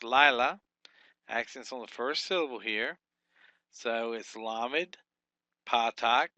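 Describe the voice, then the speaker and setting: A male Hebrew teacher works through a workbook lesson step by step, thinking out loud and slowly sounding out every syllable. His mid-pitched voice is bright and forward. The recording is close and dry with no echo or room sound, and the high frequencies are cut off.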